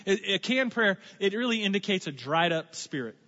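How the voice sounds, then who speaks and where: A pastor delivers a lively, conversational sermon in a high, bright voice. He jokes and slips into quick impressions between points. The sound is a little muffled, with a long reverb that carries through a large church. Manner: conversational, animated preaching with asides and impressions.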